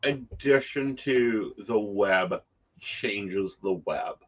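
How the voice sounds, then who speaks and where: A man's voice: fairly low pitch, very slow, fairly bright tone, dull audio. A man co-hosting a casual chat about psychic life, blunt and free with swear words. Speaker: psychic co-host.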